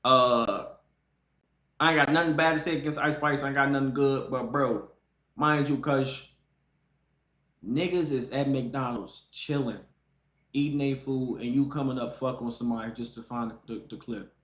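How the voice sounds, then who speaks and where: Brief: excitable male streamer, mocking and emphatic, roomy echo on the voice. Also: medium pitch, normal speed. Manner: animated, emphatic, mocking, repeats himself. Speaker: streamer reacting to a video. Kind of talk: casual reaction commentary.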